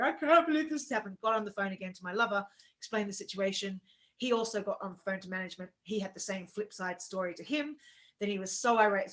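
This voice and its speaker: A woman co-hosting a casual chat, telling an emotional story and acting out the quoted dialogue. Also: medium pitch. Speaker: co-host.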